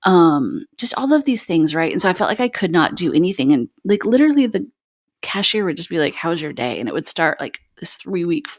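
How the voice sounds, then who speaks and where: Low-voiced woman telling her own story. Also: very animated, no room sound, clean studio sound. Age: adult with children. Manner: halting, frequent "like" and "um" fillers; raw, unfiltered recounting. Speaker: podcast host as guest. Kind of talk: candid personal storytelling.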